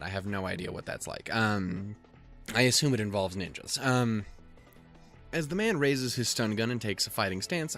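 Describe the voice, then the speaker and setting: A man's voice: fairly low pitch, a bit bright. A young man hosting a let's play, swearing and joking as he reads the game text aloud. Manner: crude, joking, swears a lot. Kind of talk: casual game commentary.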